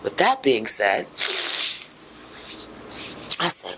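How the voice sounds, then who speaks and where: A middle-aged woman, telling her own story on a podcast in an emotional, impassioned way, dropping to a hush and then rising loud. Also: low-pitched, big pitch swings, measured pace, long pauses, noisy background. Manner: emotional, impassioned, swings between hushed and loud. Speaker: podcast host. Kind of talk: personal testimony.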